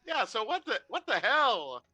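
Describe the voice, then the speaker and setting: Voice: high voice, very animated, takes it slowly, bright, forceful tone, muffled recording, voice pushed up, heavily acted. A game master playing a boozy grumbling clown. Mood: sarcastic cheer. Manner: switches between forced cheer and gruff cursing. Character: adult male clown, jolly act hiding a gruff drinker.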